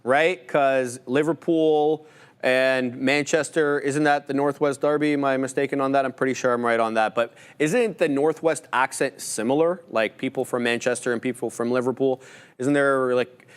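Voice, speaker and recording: A man's voice: medium pitch, steady tone, normal speed, smooth. Chatty man musing on a live stream. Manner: chatty, musing, asks rhetorical questions. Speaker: trading stream co-host. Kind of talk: live trading commentary.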